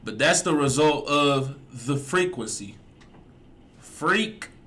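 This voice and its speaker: At a moderate pace and with a mid-range, slightly bright voice, a reaction streamer mocks a clip in a relaxed, drawling way, repeating his jokes. There is slight background noise.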